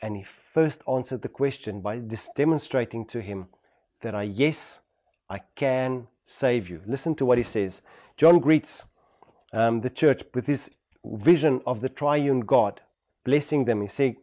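A man's voice: medium pitch, unhurried, mellow. A man with a South African accent preaching a sermon as pastor, building emphatic rhetorical repetitions. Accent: South African English.

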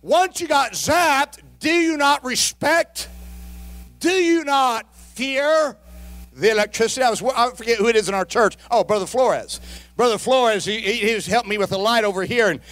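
A middle-aged male pastor preaching a sermon with emphatic delivery, moving between quiet asides and shouted exhortations, with folksy humor and repeated rhetorical questions. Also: very high voice, normal speed.

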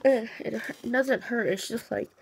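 A woman's voice: fairly high pitch, normal speed, creaky, noisy background. A teenage girl vlogging casually after the dentist, her mouth still numb, rambling with lots of fillers and counting aloud. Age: teens. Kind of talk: casual vlog to camera.

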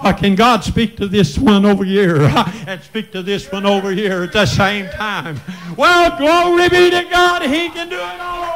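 An older man with a Midwestern American accent preaching a folksy revival sermon in church, breaking into cries of praise. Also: fairly high pitch. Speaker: pastor. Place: church sanctuary.

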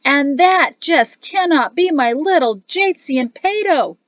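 Big beaming ex-soldier man, bellowing, exuberant, loud, raised pitch, voiced by a woman reader, dry audiobook recording. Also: lively intonation, unhurried, dry recording, dull audio. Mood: overjoyed. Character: booming jolly huge former soldier, man.

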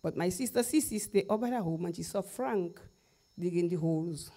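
A middle-aged woman from Dominica with a Dominican Creole English accent, giving an animated personal testimony, acting out quoted voices and laughing often. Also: on the low side, moderate pace. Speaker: testifying guest.

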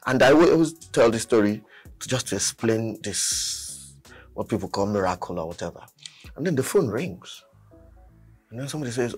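Animated man telling a story. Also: medium pitch, normal speed, slightly rough, soft background music. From Nigeria. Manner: animated, laughs often, acts out quotes. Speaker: guest artist. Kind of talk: storytelling in casual chat.

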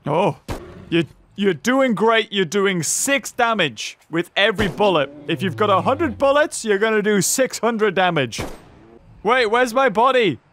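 Excitable high-voiced gamer guy. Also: unhurried, slight background noise. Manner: excitable, laughs a lot, yelps and shouts at scares. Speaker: gaming YouTuber. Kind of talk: gameplay commentary.

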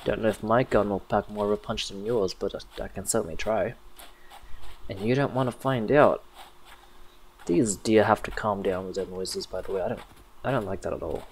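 Sarcastic guy narrating a horror game playthrough, lowish voice, faint noise. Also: moderate pace, poor audio. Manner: sarcastic, jokey asides. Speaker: gaming youtuber.

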